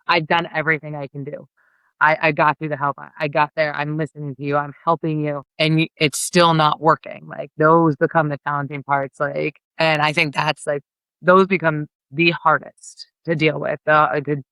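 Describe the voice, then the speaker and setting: A woman basketball coach talking candidly in a podcast interview, earnest and quick, with lots of "like" and restarts. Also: deep voice, a bit bright, smooth, no room sound, rough recording. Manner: rapid and earnest, heavy use of "like", with frequent restarts. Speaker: college basketball head coach.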